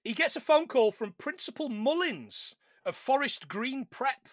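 A man's voice: very high-pitched, animated, measured pace, no echo, studio quality. A man, co-hosting a casual film podcast, swearing and laughing often. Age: 40s. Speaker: podcast co-host.

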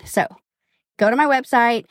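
A woman talking casually in a storytime vlog from her car, chatty, emphatic and excited. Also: a little high, normal speed, no echo, studio quality. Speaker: vlogger, home organizer. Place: inside a parked car.

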